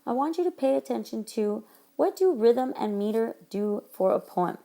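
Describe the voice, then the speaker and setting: Woman, teacher, recorded lesson, clear explanations, gravelly, tablet mic. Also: on the high side, animated, normal speed, mellow. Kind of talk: recorded classroom lesson narration. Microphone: tablet microphone.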